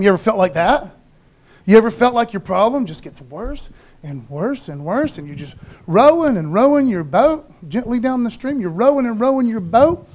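High-voiced laid-back male preacher. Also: a little mellow. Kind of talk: casual sermon.

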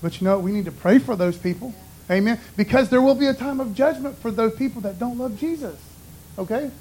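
A man's voice: extremely high pitch, fairly quick, a little mellow, slightly rough, low-quality recording. A man giving an informal, conversational sermon in a folksy way, often dropping "man" and "you know". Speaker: preacher.

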